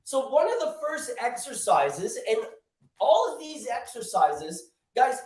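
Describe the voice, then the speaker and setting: A man's voice: very high-pitched, big pitch swings, slow, darkish tone. A man, a strength and conditioning coach, talking in an upbeat, encouraging way as he opens a live online fitness class over a video call.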